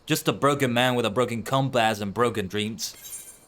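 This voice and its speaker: Here is a worn-out old fisherman from a fantasy game, grumbling along in a rough, clipped dialect with dropped grammar, as a man reads the part aloud. The voice sits in a middling pitch, and the talk stays gruff and put-upon throughout. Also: animated, fairly quick, a bit bright, lightly acted. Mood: weary. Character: weary broken-down old male fisherman. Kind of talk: reading game dialogue aloud in a put-on accent.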